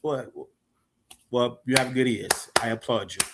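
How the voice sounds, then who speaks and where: A man from South Carolina with a Gullah Geechee accent, calling into a live-stream debate, halting at first and then defensive and loud. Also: mid-range voice, very noisy. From Charleston, South Carolina. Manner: hesitant, then raises his voice defensively. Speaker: caller.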